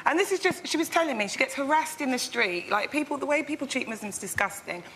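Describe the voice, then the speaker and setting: A woman with a high voice tells a stand-up style anecdote, indignant and building steadily toward a punchline. Faint noise lies behind her. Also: lively intonation, fast talker, a bit bright, poor audio. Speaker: comedy panelist. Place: TV studio with an audience.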